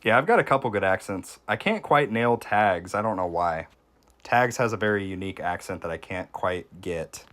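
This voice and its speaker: A man streaming a game, giving casual gameplay commentary and chatting with viewers, with sudden excited reactions. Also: lowish voice, moderate pace.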